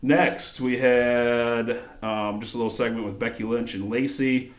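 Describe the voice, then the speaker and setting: A man's voice: medium pitch, fairly even intonation, unhurried, roomy sound. A man co-hosting a casual wrestling recap, hesitant and full of fillers and restarts. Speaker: podcast co-host.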